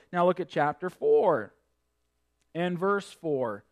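A man preaching a sermon, quoting scripture in old-fashioned wording and swinging between emphatic peaks and quieter asides. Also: slow pace, pauses often. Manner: emphatic preaching, rising and falling in pitch and loudness. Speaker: pastor.

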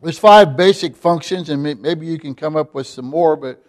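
A man delivers a sermon in a somewhat high voice. He preaches emphatically, sinking to quiet lines before rising loud again. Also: moderate pace. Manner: emphatic, drops to quiet then rises loud.

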